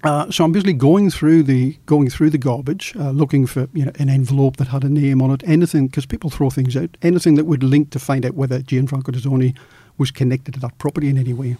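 A middle-aged male journalist from Australia telling a story in an interview, lively and acting out the quoted dialogue. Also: mid-range voice, fast, hardly any pauses, breathy edge, dry recording.

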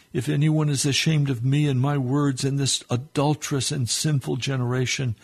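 A man with a gravelly, husky voice prays fervently in a radio sermon. His pleading rises and falls as he calls out to heaven. He sits at a middling pitch. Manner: fervent, pleading prayer that swells and drops. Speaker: radio preacher. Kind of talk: sermon prayer.

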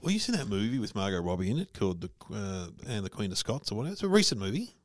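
A man's voice: on the low side, sing-song, very fast, dry recording. A man in casual chat who repeats himself and trails off mid-sentence.

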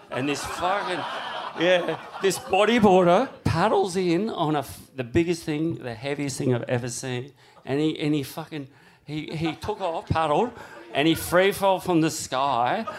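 A middle-aged man spins a story in a relaxed conversational chat, peppering it with swearing. He voices the people he quotes with a jump in energy, keeping the telling loose and lively. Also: a little high. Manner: swears constantly, acts out quotes with rising animated voice. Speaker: guest big-wave surfer. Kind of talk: casual storytelling in a podcast chat.

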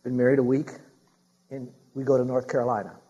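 A man's voice: mid-range voice, level tone, a little fast, dark tone, husky, dull audio. A middle-aged man preaching a sermon, emphatic and repeating key phrases to his congregation. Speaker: pastor.

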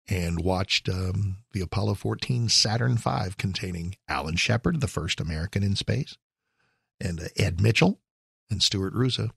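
A man's voice: on the low side, creaky, husky, no echo, studio quality. A man in his sixties, a radio host, telling a rambling personal story with wry asides and self-corrections. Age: 60s. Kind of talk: talk radio monologue, personal reminiscence.

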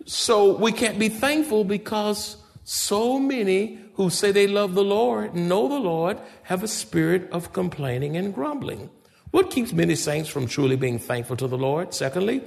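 A man's voice: high-pitched, lively intonation, normal speed, creaky. A man preaching a sermon as pastor, speaking emphatically, firing rhetorical questions at his congregation and speaking to them directly. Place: church sanctuary. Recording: echoey church hall reverb.

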